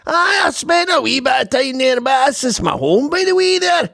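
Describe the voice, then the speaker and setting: A man putting on a Glasgow accent to play a brash, boastful Scotsman who shouts. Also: very high voice, sing-song, normal speed, vocal fry, pitched above the performer's own voice, full character voice. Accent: Scottish, Glasgow. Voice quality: loud, shouty.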